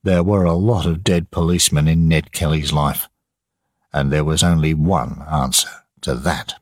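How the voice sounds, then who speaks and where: A man narrating an audiobook for learners in a slow, measured reading. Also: very deep voice, dry recording, clean studio sound.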